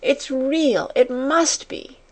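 A woman reading an audiobook, voicing a young girl who talks in breathless, quick exclamations. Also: a little high, very animated. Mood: breathless wonder. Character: young girl, wondering and overwhelmed. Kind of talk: audiobook character voice.

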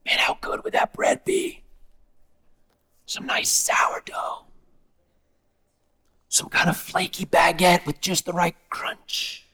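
A man voicing a sly, tempting male devil in a hushed, coaxing whisper, as whispered role-play. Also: medium pitch, lively intonation, normal speed, pitched below the performer's own voice, close to an everyday voice.

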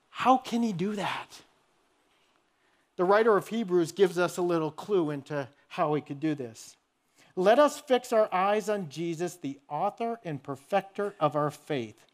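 High-voiced man preaching a sermon. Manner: earnest, storytelling preacher. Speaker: pastor.

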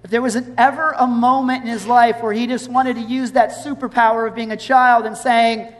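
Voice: medium pitch, little pitch movement, a little fast. A pastor preaching a sermon, retelling scripture as a story and acting out its scenes. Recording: long hall reverb.

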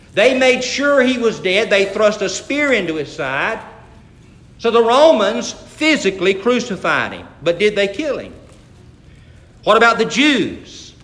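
A man's voice: high-pitched, fairly bright tone, echoey room. A man preaching a sermon, telling stories and rising to emphatic scripture reading. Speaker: pastor.

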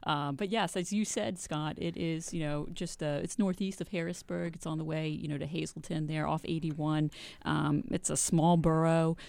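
A woman's voice: deep voice, steady tone, moderate pace, creaky, a little mellow, no echo. A woman reporter explaining her podcast's reporting in a radio interview, with frequent fillers.

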